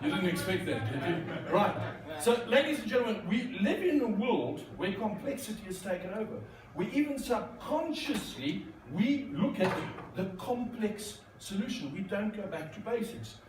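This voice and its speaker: A man with a high voice delivers a playful, joking conference keynote full of magic tricks, talking to and teasing the audience. He works as a corporate speaker and magician. The recording comes from a distant mic in a large, echoey conference hall, with background noise.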